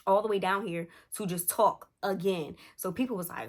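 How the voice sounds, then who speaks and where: A young woman tells a storytime to camera in a casual, animated way, acting out the quotes. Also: fairly quick. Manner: animated, acts out quotes with shifting pitch. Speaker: storytime vlogger. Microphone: camera close up.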